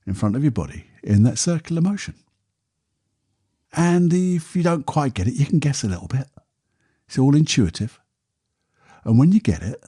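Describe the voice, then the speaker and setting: A man, a podcast host and therapist, talking a listener calmly through a guided exercise in a soft, unhurried voice. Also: mid-range voice, breathy edge. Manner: calm, soft, unhurried guiding voice.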